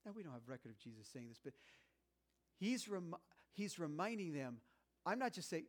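A male preacher giving an animated, conversational sermon that swings between loud bursts and hushed asides. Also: on the high side, moderate pace, long pauses.

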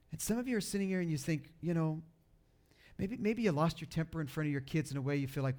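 A man's voice: a little high, expressive, quick pace, darkish tone. A middle-aged male pastor preaching a conversational sermon, restarting phrases and acting out quotes.

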